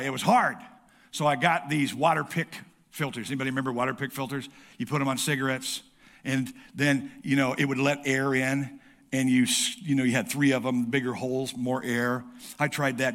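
A middle-aged male pastor preaching a lively sermon, calling out to the congregation and acting out quick asides. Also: medium pitch. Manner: lively preaching with audience call-outs and playful asides.

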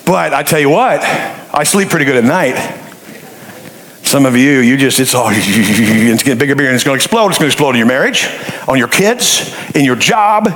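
A man preaching a sermon in a church, folksy and joking, telling animated stories to his congregation. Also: medium pitch, moderate pace, reverberant, a little hiss or hum, poor audio. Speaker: pastor. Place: church sanctuary.

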